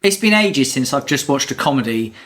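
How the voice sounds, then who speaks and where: A man's voice: mid-range voice, a little fast. A man, co-hosting a podcast in casual chat, telling stories with swearing and gusto. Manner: swearing, animated storytelling. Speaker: podcast co-host.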